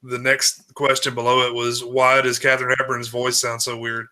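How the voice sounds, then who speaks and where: A man's voice: mid-range voice, completely flat delivery, moderate pace, pushed and bright. A man co-hosting a casual movie podcast, chiming in with short comments. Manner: brief interjections and short comments. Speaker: podcast co-host.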